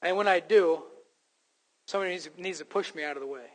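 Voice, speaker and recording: Preaching at a quick pace, a pastor with a fairly high male voice is emphatic and earnest, slipping in wry jokes about himself. The sanctuary's long reverb fills the recording.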